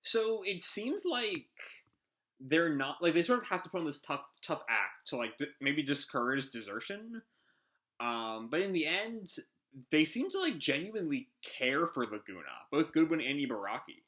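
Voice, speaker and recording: Bright-voiced man reacting to a manga. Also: on the high side, very animated, moderate pace. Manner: rambling with many fillers. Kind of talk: casual live chapter reaction.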